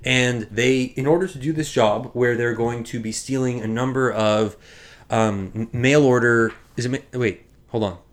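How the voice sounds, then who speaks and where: A man's voice: medium pitch, steady tone, moderate pace. Chatty male podcast host. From Quebec. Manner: chatty, self-correcting, with many restarts and asides. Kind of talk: casual chat recapping a film.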